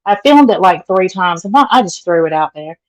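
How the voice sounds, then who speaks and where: A woman's voice: fairly low pitch, expressive, a little fast, low-quality recording. A middle-aged woman with a Southern accent, chatting casually with live viewers and greeting them by name. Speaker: vlogger.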